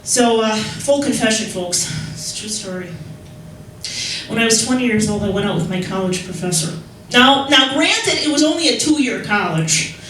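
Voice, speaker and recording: A young woman from Chicago doing a stand-up comedy set on a club stage, talking in a rambling, halting way with many restarts. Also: a little high, lively intonation, a bit bright, a little hiss or hum. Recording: echoey room, mic heard from far off.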